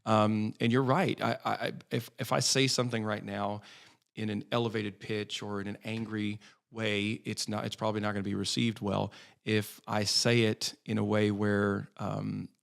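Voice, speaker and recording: A man's voice: on the low side, level tone, moderate pace, vocal fry. A man in his thirties, a business development head talking energetically as a podcast guest. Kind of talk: podcast interview.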